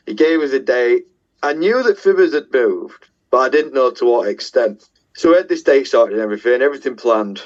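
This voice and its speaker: A man's voice: medium pitch, expressive, normal speed, a little mellow, lo-fi sound. A middle-aged man with a Yorkshire accent, a guest musician telling casual, self-deprecating stories with the odd swear word. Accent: Yorkshire English. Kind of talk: casual storytelling.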